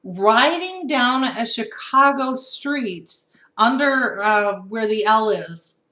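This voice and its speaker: A woman co-hosting a casual political chat show, telling stories with animated laughter. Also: on the high side, slow, reverberant. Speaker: podcast co-host.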